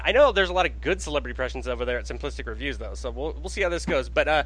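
A man hosting a casual podcast, excitable and quick with his banter, swearing freely. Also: a little high, no echo, poor audio. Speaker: podcast host.

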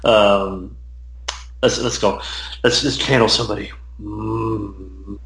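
A man's voice: on the low side, steady tone, takes it slowly, gravelly, a bit bright. Laid-back male guest in an echoey room. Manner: laid-back, swearing, self-mocking. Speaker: podcast guest. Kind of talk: casual podcast chat. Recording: echoey room, faint noise.

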